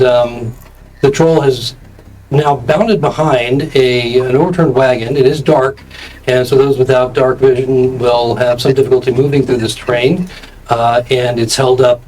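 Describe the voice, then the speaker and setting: A man running a tabletop game as game master, describing scenes at length with frequent pauses. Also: mid-range voice, darkish tone, rough recording.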